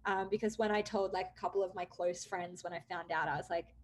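A young woman candidly recounting a personal story, with many "like" fillers, acting out quoted dialogue with lively jumps in pitch. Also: brisk, slight background noise. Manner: chatty, frequent "like" fillers. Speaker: guest telling her story.

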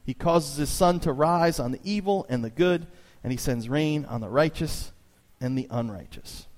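A man preaching a sermon as pastor, telling stories with lively emphasis and sudden high jumps in his voice. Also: normal speed. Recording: long reverb of a church hall.

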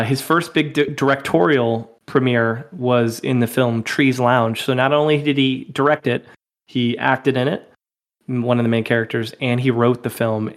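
A man hosting a podcast, chatting casually about movies and laughing often. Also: mid-range voice. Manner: animated, laughs often, slips into playful impressions. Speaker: podcast host. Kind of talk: casual film-discussion chat.

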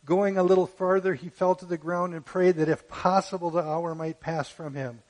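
A man preaching a sermon who rises to loud, fervent peaks when quoting scripture and fires off rhetorical questions. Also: high voice, fairly even intonation, low-quality recording. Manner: asks rapid rhetorical questions.

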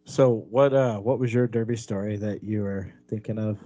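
A man's voice: fairly low pitch, steady tone, normal speed, mellow, highs cut off, faint music behind. Easygoing joking podcast host, man. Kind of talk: casual podcast chat.

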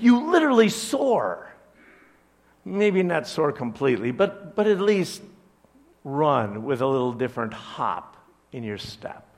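A man from Chicago, a pastor, preaching a conversational sermon to his church with joking asides. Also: high-pitched. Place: church service.

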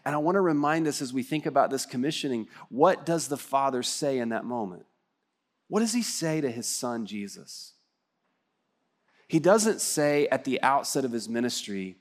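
A male pastor from Texas delivers a livestreamed church sermon. He preaches in an earnest, conversational way and often turns to the congregation with questions. His voice sits at an ordinary middle pitch. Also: animated, moderate pace.

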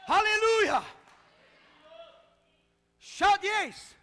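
Man, pastor, fervent sermon, very high voice, bright and forceful, long hall reverb. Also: normal speed. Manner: fervent preaching with shouted calls to the congregation.

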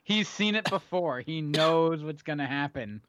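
A man's voice: fairly high pitch, animated, measured pace, a bit bright, dry recording. A man co-hosting a casual podcast about movies, talking with enthusiasm and rambling restarts. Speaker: podcast co-host.

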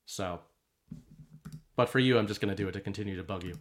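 A man's voice: on the low side, fast. Easygoing male podcast co-host. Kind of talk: casual chat, reading viewer messages.

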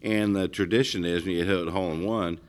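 A middle-aged man with a very deep, low voice tells stories in an easygoing, rambling chat. He restarts his sentences often and wanders from one detail to the next. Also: steady tone, fast talker. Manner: rambling, storytelling, frequent restarts. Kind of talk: casual conversation.

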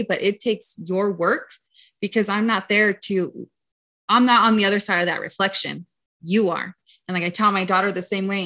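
A young adult woman hosting a podcast, talking emphatically and casually, her voice jumping high when she gets excited. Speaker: podcast host. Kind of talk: casual conversation.

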